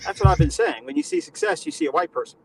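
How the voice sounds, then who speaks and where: Nasal man, high and swooping voice, mock-condescending panel guest, faint noise behind. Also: huge pitch swings, fast, gravelly, a bit bright, low-quality recording. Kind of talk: casual comedic panel chat.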